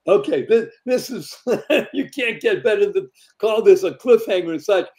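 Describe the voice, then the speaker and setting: A man's voice: high voice, animated, normal speed, a little mellow. A man hosting a podcast, asking questions and reading the ad breaks with enthusiasm. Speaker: podcast host. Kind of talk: casual interview talk.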